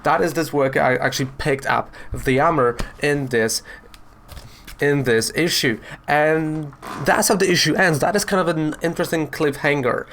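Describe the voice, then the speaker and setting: A man's voice: fairly high pitch, moderate pace, a bit bright, slight background noise. A man casually reviewing a comic book, chatty and rambling as he retells the story.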